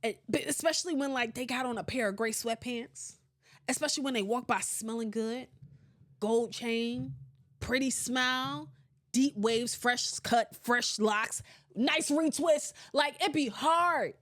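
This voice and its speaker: A young woman hosting a casual podcast, playful and animated, laughing often as she reads live comments. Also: a little high, measured pace. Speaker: podcast host.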